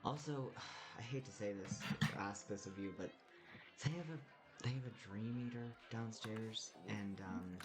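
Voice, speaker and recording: A man voicing a chatty, fretful androgynous tiefling drow bartender who talks fast and breezily, in a tabletop game. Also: lowish voice, music in the background, close to an everyday voice. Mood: worried. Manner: quick, gossipy, breezy complaining.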